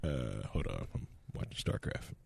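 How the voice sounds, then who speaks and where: A man's voice: very deep voice, sing-song, vocal fry, breathy edge, no echo. A man co-hosting a podcast, rambling jokily about tech setups in casual banter. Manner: rambling, jokey, quick tech talk. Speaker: co-host. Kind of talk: casual pre-show banter.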